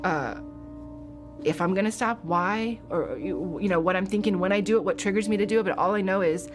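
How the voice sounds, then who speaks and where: A woman in her thirties, widow of a veteran, recounting painful family moments in a halting, emotional interview. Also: lowish voice. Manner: tearful, halting, retelling conversations.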